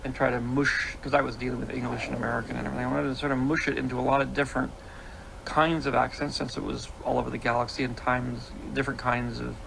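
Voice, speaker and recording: Gravelly man explaining calmly. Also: mid-range voice. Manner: measured, explains with restarts. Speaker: filmmaker interview guest. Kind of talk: reflective interview talk. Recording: noisy archival interview audio.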